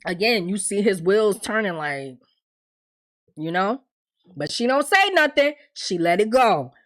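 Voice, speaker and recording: A woman's voice: mid-range voice, big pitch swings, measured pace. Chatty woman recapping a TV episode. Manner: chatty storytelling, slangy, acts out quotes. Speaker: TV show reviewer. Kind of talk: casual recap monologue.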